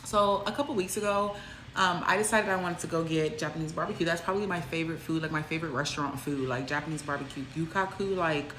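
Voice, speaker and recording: Low-voiced woman rambling in an echoey room. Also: fast, slight background noise. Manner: relaxed, rambling, heavy on fillers. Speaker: storyteller. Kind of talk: casual storytime.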